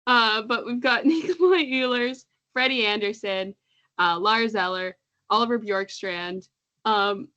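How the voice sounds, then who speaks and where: A woman's voice: a little high, a little slow, pushed and bright. A woman co-hosting a casual podcast, chatty and laughing often, stumbling over names as she reads them out. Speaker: podcast co-host. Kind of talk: casual chat.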